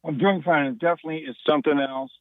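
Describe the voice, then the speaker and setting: A male caller telling a deadpan comic story over the phone. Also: a little high, fast, no room sound. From Pearland, Texas area. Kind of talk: comedic call-in story. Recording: tinny phone line.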